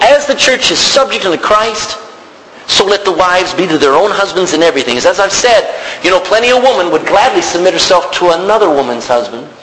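Animated, bright-voiced male preacher. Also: on the high side. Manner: emphatic, call-and-response. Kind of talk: sermon. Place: church. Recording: long hall reverb, faint noise.

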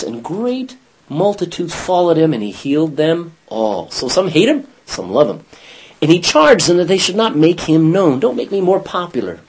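A man's voice: fairly high pitch, sing-song, unhurried, a little mellow, a little hiss or hum, low-quality recording. A man leading a Bible study class, reading scripture aloud and putting questions to his students.

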